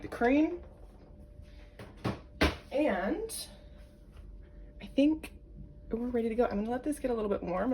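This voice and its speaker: A woman's voice: medium pitch, slight background noise. A young woman chatting casually and rambling, swearing freely as she shows yarn and dyes it at home. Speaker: vlogger, yarn dyer.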